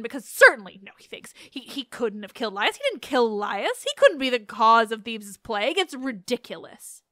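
A young adult woman hosting a podcast, retelling an old play in a chatty, animated way. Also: on the high side, no room sound, clean studio sound. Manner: chatty, animated, laughs and restarts. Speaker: podcast host. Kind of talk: casual myth retelling.

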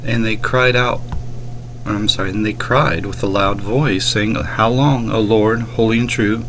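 Man, slow deliberate scripture reading, scornful rebuttal, faint background hiss. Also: fairly low pitch, steady tone, a bit bright, low-quality recording. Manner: slow deliberate reading of King James verses; scornful toward the clip. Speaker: commentator reacting to a sermon clip.

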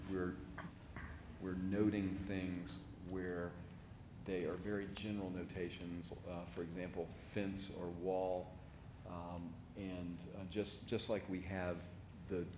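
A man presenting a site plan at a city review meeting, halting with many fillers and restarts. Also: low-pitched, noisy background. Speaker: project presenter. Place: city meeting, remote or chamber.

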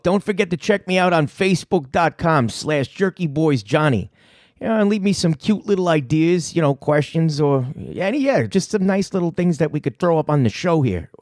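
A man's voice: mid-range voice, darkish tone, no room sound, clean studio sound. A man with a New York accent hosting a comedy show, rambling and swearing in a laid-back way. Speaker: show host and prank caller. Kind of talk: casual podcast talk.

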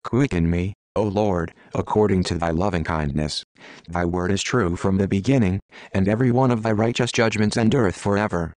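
Man, very low voice, solemn Bible reading, dry close sound. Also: moderate pace, a little mellow, no echo. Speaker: scripture reader. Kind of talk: steady scripted Bible reading.

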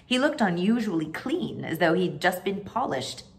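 Animated woman reading a storybook. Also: lowish voice, moderate pace, vocal fry. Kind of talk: reading a children's book aloud.

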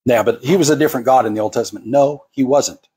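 Husky-voiced man preaching a sermon. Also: mid-range voice, fast talker, dark tone. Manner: acts out quoted voices. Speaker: pastor.

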